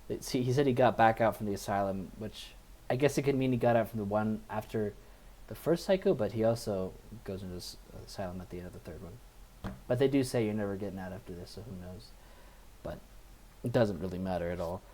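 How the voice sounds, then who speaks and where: Dude on a film podcast, warm low-key voice, rambly with lots of ums. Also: male voice, fast, a little hiss or hum. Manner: rambling, filler-heavy retelling. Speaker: podcast co-host. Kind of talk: casual movie review chat.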